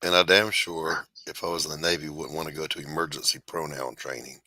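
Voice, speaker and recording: A middle-aged man hosting a casual drawing stream. His voice sits very low yet has a hard, bright edge. He talks bluntly, breaking into loud bursts of drill-style barking, and the sound is close and dry. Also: steady tone, a little fast, dry recording. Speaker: art streamer, host. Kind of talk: casual chat while drawing.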